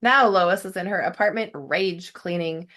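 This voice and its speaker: A young adult woman podcast host recapping an episode, animated and quick to laugh. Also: on the low side. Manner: animated storytelling, laughs often. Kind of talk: recap commentary.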